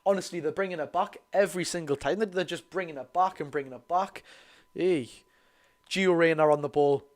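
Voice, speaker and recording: Excitable Geordie teen calling football. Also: male voice, a little high, a little fast. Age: teens. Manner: excitable, chatty, calls the play and talks to chat. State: voice going hoarse. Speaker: fan watch-along host. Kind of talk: live football commentary and fan reaction.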